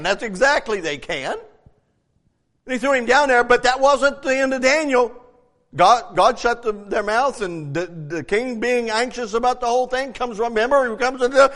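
Lively, high-voiced man preaching in a hall. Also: moderate pace. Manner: emphatic, swings from hushed to shouting. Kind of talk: sermon.

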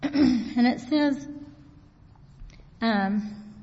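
Lady preaching plain and folksy, higher voice, dull sound with long hall echo. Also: very slow, warm tone. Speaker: Bible teacher. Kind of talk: informal sermon.

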